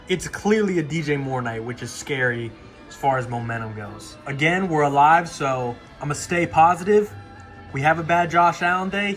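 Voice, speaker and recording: Watching his fantasy football game unfold, a young man swears, mumbling one moment and shouting the next, in a rather high, fairly bright voice.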